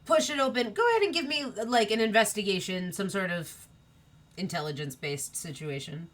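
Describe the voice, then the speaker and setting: A woman narrating a tabletop game as game master, talking in a relaxed, meandering way with lots of fillers. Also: mid-range voice, fairly quick.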